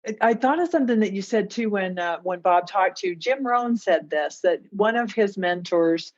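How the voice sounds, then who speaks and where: A woman's voice: mid-range voice, lively intonation, moderate pace. A woman hosting a podcast who reflects thoughtfully and laughs often. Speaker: podcast host. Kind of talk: conversational interview. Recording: dull lo-fi sound.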